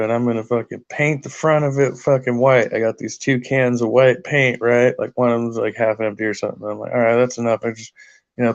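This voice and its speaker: Man, casual podcast chat, rambling profane storytelling, mid pitch, dull lo-fi sound. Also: clear, resonant tone. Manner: profane, rambling anecdotes with heavy swearing. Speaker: podcast co-host.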